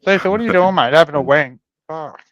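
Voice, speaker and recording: A man's voice: a little high, quick pace, a bit bright, no echo, highs cut off. A man chatting casually on a live stream, teasing the others with dry humour.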